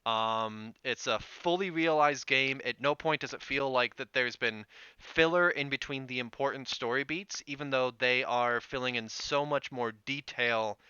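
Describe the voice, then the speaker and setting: Male podcast co-host, bright and smooth, chatty and quick, a bit stuffy from a cold, dry remote mic. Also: medium pitch, no room sound. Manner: chatty, lively, quick bursts. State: head cold. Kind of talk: casual chat. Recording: dry, slightly dull remote stream.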